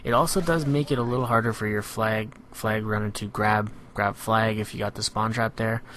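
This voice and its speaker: A man giving a relaxed, analytical voice-over on his own competitive match, filling pauses with "you know". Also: lowish voice, slight background noise. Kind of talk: gameplay commentary voice-over.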